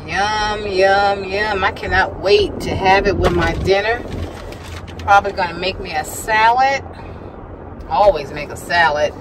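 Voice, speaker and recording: A woman speaks to her vlog audience from inside her car as she drives, chatty, laughing a lot, occasionally breathless and talking to herself. Her voice is on the low side, at a normal pace with long pauses, over a noisy background.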